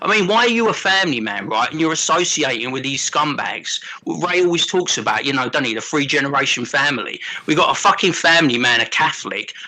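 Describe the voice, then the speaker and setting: A man's voice: medium pitch, lively intonation, fast talker, few pauses, bright, forceful tone, low-quality recording. A man with a South London accent, ranting bluntly and swearing, ending lines with "bruv" or "mate". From South London, England. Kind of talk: profane rant.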